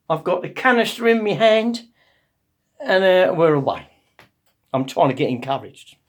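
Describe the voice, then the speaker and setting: A man in the role of a motivational speaker, telling a comic personal anecdote in a lively, cheeky way. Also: high voice.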